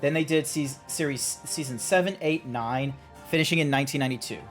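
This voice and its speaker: A man's voice: fairly high pitch, a little fast, faint music behind. A man streaming a game, chatting casually and rambling through a story with lots of ums and restarts. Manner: rambling storytelling with many fillers and restarts, laughing at his own retellings. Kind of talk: casual chat while gaming.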